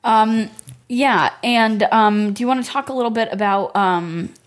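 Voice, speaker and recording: A woman's voice: fairly high pitch, measured pace. Enthusiastic young woman podcast co-host. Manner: enthusiastic, hesitant with fillers. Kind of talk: casual chat.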